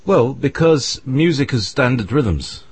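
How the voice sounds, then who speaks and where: A man's voice: medium pitch, expressive, measured pace, a little hiss or hum. A British man talking in a rambling, hesitant way, with many restarts and fillers. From Britain. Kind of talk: casual conversation.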